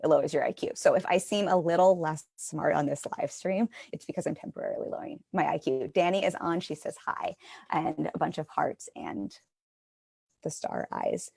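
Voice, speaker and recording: Low gravelly woman hosting a chat. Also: normal speed, warm tone, dry recording, clean studio sound. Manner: chatty, self-deprecating, swears casually. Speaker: live stream host. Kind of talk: casual conversational interview. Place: live stream from home.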